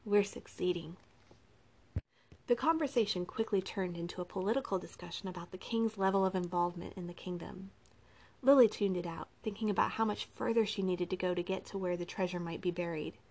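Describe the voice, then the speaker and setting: A woman narrating a novel as an audiobook reader, in an even, clear reading voice. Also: lowish voice, fast.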